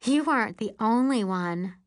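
A woman voicing a friendly, soft teen girl. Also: fairly high pitch, lively intonation, unhurried, voice pushed up. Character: friendly shy teen girl camper, guide.

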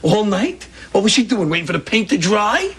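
A man's voice: sits high, very animated, moderate pace, crowd noise. An actor playing a worried, fumbling father who stammers and hesitates, in a sitcom. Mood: troubled. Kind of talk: sitcom acting.

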